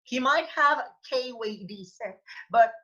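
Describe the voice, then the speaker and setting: A woman from the Philippines with a Filipino accent, giving an animated webinar lecture as a review teacher and addressing her listeners as class. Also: on the high side, measured pace, lo-fi sound.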